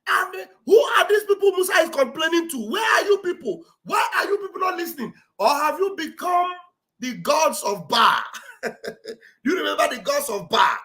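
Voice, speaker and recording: A woman gives mocking, exclamatory commentary on a livestream. Her voice sits high and swoops all over. She repeats phrases for effect and acts out what others say. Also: very animated, normal speed, fairly bright tone. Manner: acts out quoted speech with theatrical delivery.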